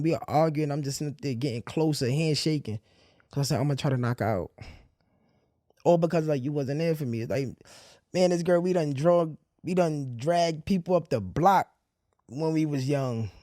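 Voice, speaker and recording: A man recounts a personal story in a raw, candid monologue full of street slang and swearing. His voice sits somewhat high but sounds dark and mellow. It is recorded close and dry, with halting restarts in the heavy moments. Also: no room sound. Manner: halting restarts when emotional. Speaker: podcast host.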